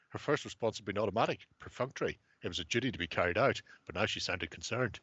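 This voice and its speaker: A man's voice: on the low side, animated, quick pace, a bit bright, slightly rough, no echo. A man hosting a podcast, chatting casually with wry, sweary humor and reading an article aloud with relish. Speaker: podcast host. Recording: muffled lo-fi.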